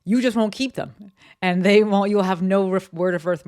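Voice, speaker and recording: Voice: medium pitch, normal speed, a little mellow, clear, resonant tone. Chatty podcast host from New Jersey. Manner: chatty and candid, loose fillers, casual swearing. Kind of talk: casual solo business podcast. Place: home office with windows.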